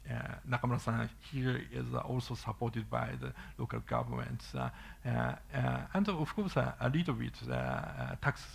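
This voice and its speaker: Gravelly man with a Japanese accent. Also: medium pitch. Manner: hesitant, many fillers and restarts. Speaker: conference speaker. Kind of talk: halting conference talk with Q&A.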